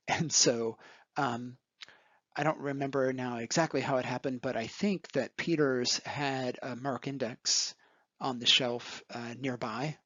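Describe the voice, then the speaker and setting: Man, mid-pitch, halting reminiscence over slides, dull dry recording. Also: fairly even intonation, a bit bright, no room sound. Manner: hesitant, many ums and restarts. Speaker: former graduate student.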